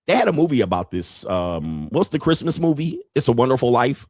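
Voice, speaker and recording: A man hosting a crude, comedic livestream commentary show, profane and quick to laugh. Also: mid-range voice, dry recording, studio quality. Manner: animated, profane, laughs often. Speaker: host and dating coach.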